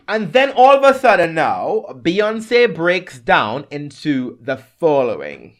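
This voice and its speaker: A young man co-hosting a podcast, gushing with dramatic excitement in casual chat. His voice rides up and down in a lively, wide-ranging sing-song. He talks like a devoted fan who can't contain himself. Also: high-pitched, slow, few pauses. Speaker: podcast co-host.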